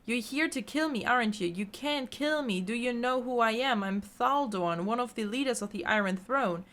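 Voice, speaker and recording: A woman's voice: fairly high pitch, expressive, normal speed, a bit bright. A woman voicing a cowardly male guild leader in a fantasy game, whiny and pleading. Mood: boastful.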